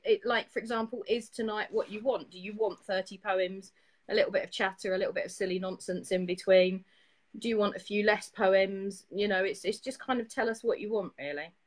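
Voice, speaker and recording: A woman co-hosts a live poetry show in relaxed conversation. Her voice sits at a middling pitch. She talks casually, padding her thoughts with fillers and a teasing edge. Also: rough recording. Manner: easygoing, teasing, hedges with "you know" and "really". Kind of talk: casual live-stream chat.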